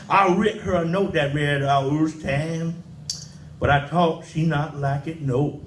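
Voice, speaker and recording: A man's voice: a little high, far from the mic, slight background noise. A man giving a live poetry reading in folksy dialect. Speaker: poet. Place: indoor event room. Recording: echoey room, faint ambience.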